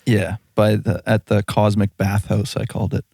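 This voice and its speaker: Male podcast co-host, low and gravelly, laid-back, dry mic. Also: little pitch movement, normal speed, mellow, dry recording. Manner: laid-back, brief replies. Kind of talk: casual chat.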